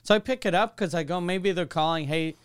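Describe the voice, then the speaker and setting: A man's voice: high-pitched, fairly quick, clear, resonant tone, no room sound. A man from Canada co-hosting a podcast, telling a story in casual, profane chat and acting out phone calls. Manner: profane, animated storytelling, acts out quoted calls. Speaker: podcast co-host.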